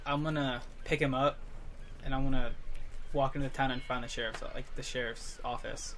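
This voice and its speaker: A man playing a tabletop game, speaking quietly and haltingly with many fillers. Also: mid-range voice, steady tone, a little hiss or hum. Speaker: player.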